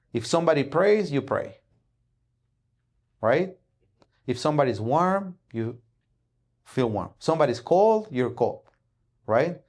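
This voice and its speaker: A man giving a motivational talk, telling a parable in animated storytelling style, acting out the dialogue and often tagging lines with "right?". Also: on the high side. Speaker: speaker at an investing event.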